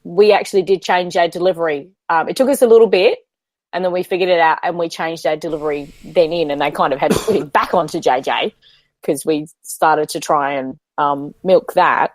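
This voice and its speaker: A woman co-hosting a football podcast, emphatic and repeating her points, her voice strained from yelling. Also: deep voice, fairly quick, no room sound. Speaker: podcast co-host. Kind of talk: casual football chat.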